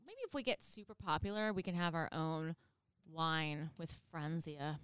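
A woman co-hosting a podcast in casual chat, joking and animated. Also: deep voice, normal speed, smooth, no echo. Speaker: podcast co-host.

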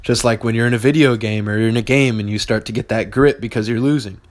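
A man's voice: mid-range voice, steady tone, fast talker. A man hosting a solo business podcast, talking in a blunt, heavily profane and mocking way. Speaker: business owner and podcast host.

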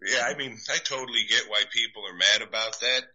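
A man's voice: medium pitch, fairly quick, bright, forceful tone, highs cut off. A man in his thirties from the United States hosting a casual podcast chat, crude and mocking, swearing freely. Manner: crude, profane, mocking, acts out quoted voices. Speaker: podcast host.

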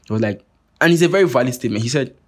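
Husky young man ranting. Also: mid-range voice, racing. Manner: profane, animated, rambling with many restarts. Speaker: podcast host. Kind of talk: casual monologue rant.

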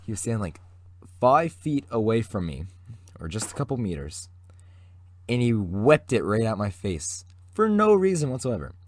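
A man's voice: fairly low pitch, big pitch swings, moderate pace. A teenage boy from Canada, co-hosting a podcast and telling a rambling story full of fillers and restarts. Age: teens. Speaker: podcast co-host. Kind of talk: casual chat.

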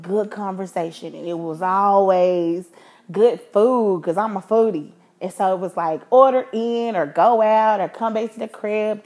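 A woman in her thirties talks straight into the mic as a podcast host, swapping between a low, confiding tone and sudden lively bursts. Her talk is frank and profane, the kind of unfiltered storytelling she shares with listeners. Her voice sits at a middling pitch for a woman. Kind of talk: candid storytelling.

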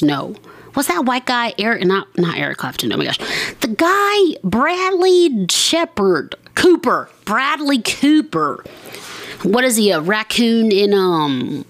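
Woman podcast host, low voice, dry close sound, rambly and self-mocking. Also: dry recording. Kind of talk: casual chat.

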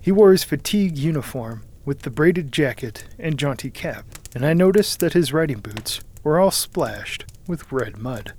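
Male narrator, slightly high voice, measured dramatic storytelling with hushed asides. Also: lively intonation, breathy edge. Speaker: audiobook narrator. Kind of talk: scripted first-person narration.

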